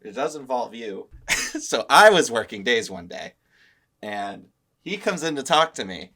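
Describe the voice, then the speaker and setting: Young guy host, mid pitch but really lively swings, laughs a lot. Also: a little slow. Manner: laughs often, lively reactions. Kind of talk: casual chat.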